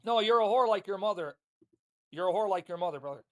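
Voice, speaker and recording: A man's voice: high-pitched, expressive, quick pace. A man delivering a hostile, insulting tirade on a livestream. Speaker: online commentator. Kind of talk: livestream rant.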